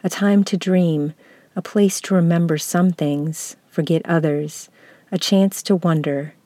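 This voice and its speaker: A woman from the United States, a lecturer, reading a reflective essay aloud in a slow, measured, contemplative way. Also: fairly low pitch, steady tone, mellow, no echo.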